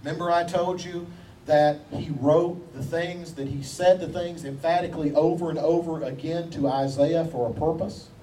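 High-voiced preacher, distant and emphatic. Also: male voice, steady tone, normal speed, mellow. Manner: emphatic, rhetorical questions and repetition; folksy humor. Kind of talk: sermon. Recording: distant mic with faint background noise.

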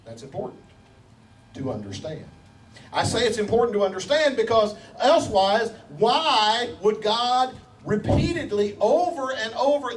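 High-voiced emphatic male preacher. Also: echoey room. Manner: emphatic, repeats key phrases, slows down to stress scripture quotes. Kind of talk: sermon. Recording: distant mic with faint background noise.

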